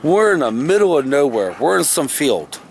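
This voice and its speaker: Gravelly, fairly high-voiced man telling a story. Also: very animated, moderate pace, slight background noise. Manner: rambling, folksy, self-correcting. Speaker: vlogger. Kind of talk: casual storytelling. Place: outdoors in the shade of a tree. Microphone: camera he is handling himself.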